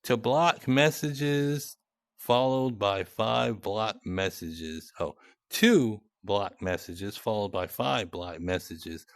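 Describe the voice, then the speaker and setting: A sarcastic young man talks over chat messages in a casual, teasing way. His voice sits a little low and his delivery is slow and drawn out. The sound is dry, with no room echo. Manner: mocking, sarcastic. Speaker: content creator.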